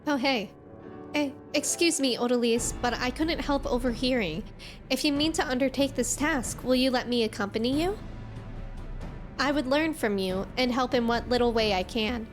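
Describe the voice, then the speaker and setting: A woman's voice: fairly high pitch, normal speed, soft background music, close to an everyday voice. A woman reading aloud the lines of an eager young helper in a game, polite and keen.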